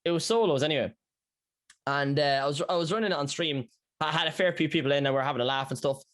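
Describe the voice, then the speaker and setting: A man's voice: a little high, quick pace. An Irish man, a streamer guest on a podcast, telling stories in casual chat with slang and swearing. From Ireland. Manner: animated storyteller, lots of slang and swearing.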